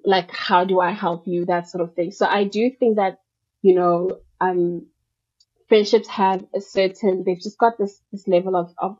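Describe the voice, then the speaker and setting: A woman's voice: lowish voice, warm tone, husky. A woman guest on a podcast, explaining her ideas at length in a thoughtful, casual way with many fillers. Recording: muffled lo-fi audio.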